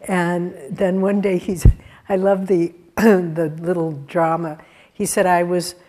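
A woman giving a sermon-style talk, telling spiritual stories in an earnest way with soft laughs. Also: on the low side, little pitch movement, slow.

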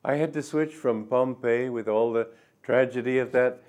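An older man giving a reflective spiritual talk, speaking gently and musingly, with soft drawn-out endings. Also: medium pitch. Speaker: spiritual teacher.

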